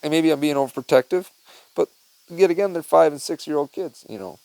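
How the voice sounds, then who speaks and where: Gravelly-voiced man rambling casually. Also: a little high, a little fast, dark tone, dry recording, rough recording. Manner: rambling, profane, heartfelt, many fillers. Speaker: podcast host. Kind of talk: casual monologue.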